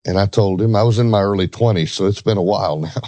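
Earnest low-voiced middle-aged man telling a story. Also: quick pace, dark tone, no echo. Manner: earnest, emphatic quoting of others. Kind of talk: storytelling in a religious talk show.

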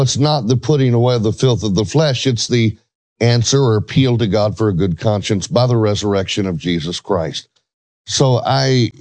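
A man's voice: fairly low pitch, darkish tone, no room sound. A middle-aged man earnestly telling a church story, emphatic when quoting others. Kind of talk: storytelling in a religious talk show.

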